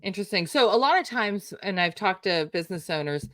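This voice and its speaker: A woman's voice: mid-range voice, expressive, fairly quick, fairly bright tone, no echo. A woman hosting an interview podcast, affirming her guest and summing up his points in a friendly, easygoing way. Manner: affirming, laughs easily. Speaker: podcast host. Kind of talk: casual interview.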